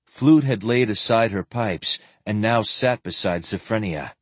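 A man narrating a fantasy novel as an audiobook, with expressive, varied delivery close to the microphone. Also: lowish voice, a little slow, slightly rough, dry recording.

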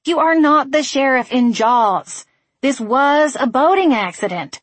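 A woman voicing a determined, outspoken small-town young woman who argues in a forceful, insistent way. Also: fairly high pitch, moderate pace, no room sound, pitched above the performer's own voice, close to an everyday voice. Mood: indignant.

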